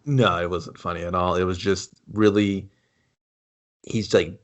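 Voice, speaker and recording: A man's voice: sits low, fairly even intonation, a little slow, pauses often. A man co-hosting a casual movie review chat, laid-back, retelling scenes with acted-out lines. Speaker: podcast co-host.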